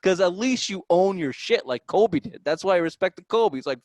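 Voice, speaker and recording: Boston sports-pod host, man, fast swings up in pitch, foul-mouthed, close dry sound. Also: no room sound. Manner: animated, profane, rising to near-shouts when worked up. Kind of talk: casual sports banter.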